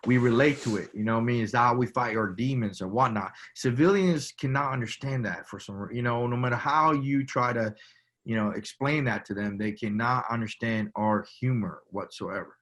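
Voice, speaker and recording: A man from Cuba, a veteran guest, talking in a halting, casual way full of restarts and "you know". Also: mid-range voice, a bit bright. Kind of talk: casual conversation.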